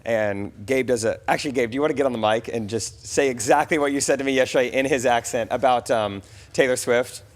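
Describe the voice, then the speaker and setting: A man co-hosting a podcast, chatting casually and relaxed, recounting a group trip. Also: medium pitch, brisk. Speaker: podcast co-host. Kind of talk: casual chat.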